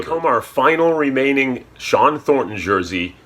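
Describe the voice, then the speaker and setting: A man reading a sponsor ad with a brisk, salesy delivery. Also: medium pitch, expressive, a bit bright. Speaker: ad announcer. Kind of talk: read sponsor ad.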